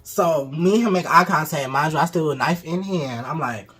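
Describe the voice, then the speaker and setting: Animated, profane man telling a story. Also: fairly high pitch, fairly quick, over music. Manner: animated, profane, acts out quotes, laughs often. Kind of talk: casual storytelling chat.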